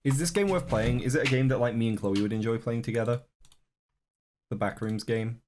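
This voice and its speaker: A man talking his way through a video reaction at a mid-range pitch, rambling and cracking jokes to his chat. A faint hum of noise sits under his voice. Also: fairly quick, darkish tone. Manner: rambling, joking asides to chat. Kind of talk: casual reaction commentary.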